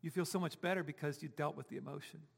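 A man's voice: a little high, fairly even intonation, fast talker, vocal fry, husky, in a large hall. A man preaching a sermon as pastor, talking conversationally and asking the congregation rhetorical questions. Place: church sanctuary.

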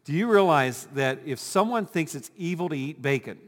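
A man preaching a sermon as pastor, animated and full of rhetorical questions, talking with his congregation. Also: on the high side, moderate pace, long reverb tail. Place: church sanctuary.

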